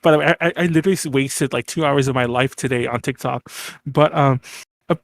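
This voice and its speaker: A man's voice: medium pitch, quick pace. A man co-hosting a podcast in casual chat, rambling with many fillers and restarts and laughing often. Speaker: podcast co-host.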